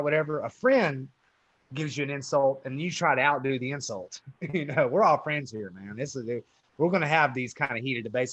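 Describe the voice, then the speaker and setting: A man's voice: medium pitch, a bit bright, no room sound. A man co-hosting a casual talk show who rambles, restarts his sentences and chuckles as he talks. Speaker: co-host. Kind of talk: casual chat.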